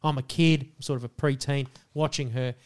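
A young Australian man co-hosting a podcast, loud, sweary and teasing in casual banter. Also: medium pitch, fairly even intonation, normal speed, clean tone. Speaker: podcast co-host.

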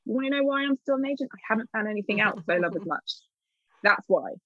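A woman's voice: medium pitch, lively intonation, fast talker, fairly bright tone, no room sound. A woman in an interview, a literary agent telling stories candidly and acting out her own past remarks with lots of laughter. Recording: dull, dry sound.

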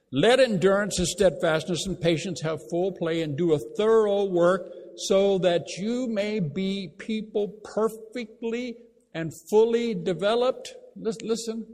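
A man preaching a sermon, emphatic, repeating key phrases and slowing down to read scripture aloud. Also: high-pitched, a little mellow. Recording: long reverb of a large hall.

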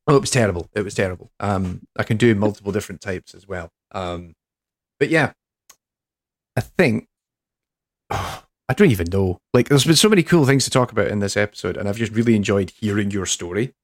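A man's voice: on the low side, brisk. An English man hosting a podcast in casual chat, rambling and self-deprecating, with many restarts. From England. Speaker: podcast host.

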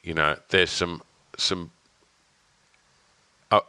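A man's voice: sits low, steady tone, bright, forceful tone, clean tone, dry recording. A man hosting a podcast who talks casually, stops and restarts often, and swears now and then. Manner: halting, many fillers and restarts, casual swearing. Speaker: podcast host. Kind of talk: casual interview chat.

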